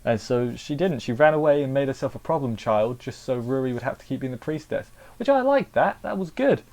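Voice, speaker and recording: A man's voice: medium pitch, animated, a little fast, darkish tone. A man giving a casual, rambling spoken review of an anime episode, often repeating words and restarting sentences.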